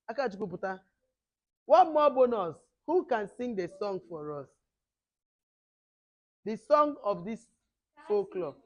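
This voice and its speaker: Brief: middle-aged woman, hoarse camp teacher, calls and answers with children, mid-pitched. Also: dull audio. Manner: animated, call-and-response, mixing two languages. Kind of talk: lively address to children.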